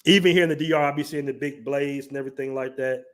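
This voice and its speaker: A man's voice: medium pitch, fairly even intonation, fast talker. A man hosting a casual livestream, reading chat comments aloud and laughing through his commentary. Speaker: livestream host.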